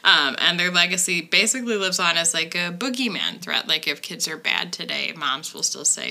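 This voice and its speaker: A woman's voice: on the low side, lively intonation, normal speed, few pauses, bright, forceful tone. A woman from Ireland co-hosting a podcast, telling a true crime story in a chatty, wry way with lots of fillers. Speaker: podcast co-host.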